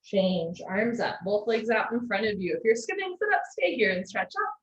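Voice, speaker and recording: A woman's voice: medium pitch, moderate pace. Woman calling yoga cues over a video call. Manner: calm spoken cues with gentle asides. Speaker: yoga teacher. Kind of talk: live online yoga class instruction. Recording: echoey lo-fi video call audio.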